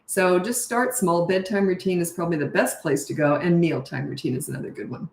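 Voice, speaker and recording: A woman in her sixties with a lowish voice talks frankly and casually as a parenting coach on a live stream. She reads out viewer questions and answers them plainly. Her voice rings in a noticeably echoey room. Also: a little fast, darkish tone, a little hiss or hum. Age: 60s.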